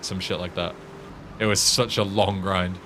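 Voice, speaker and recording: A man's voice: low-pitched, fairly even intonation, unhurried, noisy background. A man with an English accent, a game streamer chatting casually and swearing while he plays. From England. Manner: laid-back, sweary, self-mocking. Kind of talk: casual gaming commentary.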